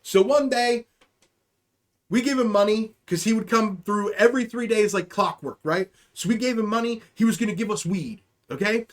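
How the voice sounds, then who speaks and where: High-voiced young man rambling a story. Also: moderate pace. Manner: rambling, profane, keeps asking "okay?". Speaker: livestream host. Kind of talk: casual storytelling chat.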